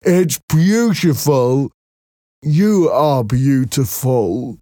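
A man voicing a timid, disfigured young man who speaks slowly and earnestly. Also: medium pitch, animated, mellow, no room sound, studio quality, voice pushed up. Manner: slow, halting and earnest.

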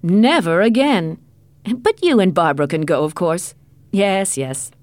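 A woman voicing a fussy, quick-tempered old man who blusters and repeats himself. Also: lowish voice, animated, darkish tone, no room sound. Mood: blustering.

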